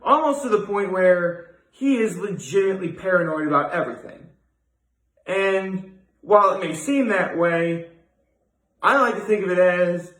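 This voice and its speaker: A man's voice: sits high, a bit bright. A young man hosting a daily video, rambling and digressing as he thinks aloud in a casual solo monologue. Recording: echoey room.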